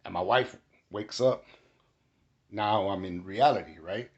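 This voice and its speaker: A man giving a casual testimony, animated and rising to shouts when he quotes himself. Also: fairly low pitch, unhurried. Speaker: storyteller recounting a spiritual experience. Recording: dull lo-fi recording.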